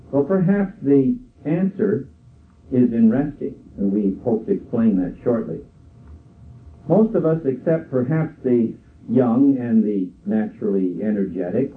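An older man preaching a sermon in a slow, measured way, quoting scripture. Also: mid-range voice. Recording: tinny phone-like sound from far off.

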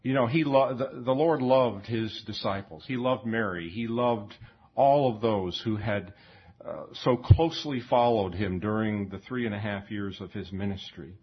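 A man preaching a sermon in a slow, reflective way, often repeating words and pausing with fillers. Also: fairly low pitch, slightly rough. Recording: dull lo-fi recording.

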